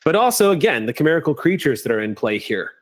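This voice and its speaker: A man's voice: fairly high pitch, sing-song. Man narrating a tabletop game. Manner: descriptive, unhurried narration with casual swearing. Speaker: game master.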